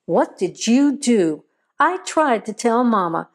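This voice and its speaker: A woman's voice: fairly high pitch, sing-song, slow, heavily acted. A woman voicing a stern older farmer man who scolds and accuses in a harsh tone.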